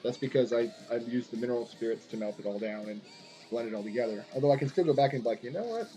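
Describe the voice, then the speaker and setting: A man with a soft, mellow tone talks casually as he works on a drawing. He rambles, circling back with fillers and restarts. Faint guitar music plays quietly behind him. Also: mid-range voice, fairly even intonation, quick pace. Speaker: artist live-streaming a drawing session. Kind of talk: casual chat while drawing.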